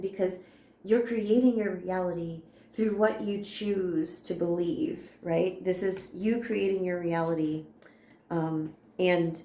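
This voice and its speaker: Casual American woman tarot reader, warm low-key delivery, roomy sound. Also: a little hiss or hum. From United States. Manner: chatty, reassuring, laughs often. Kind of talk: casual spiritual card reading.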